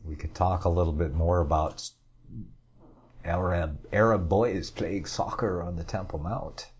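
A man with a low, husky voice hosts a talk show and reads the news in a rambling, offhand way. He drops sarcastic asides as he goes. The audio is dull and lo-fi. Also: steady tone, unhurried, a little mellow. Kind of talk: casual news commentary.

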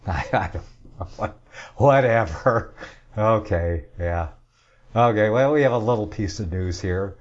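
A man's voice: lowish voice, slow. A man hosting a talk show, rambling through the news with casual, sarcastic asides. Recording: dull lo-fi audio.

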